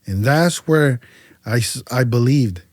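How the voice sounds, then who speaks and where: A man from California's Central Valley, a podcast guest telling stories in a casual way, acting out both sides of his conversations with lively voices and often stumbling over and repeating his words. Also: medium pitch, slow pace, no room sound, studio quality. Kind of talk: casual storytelling.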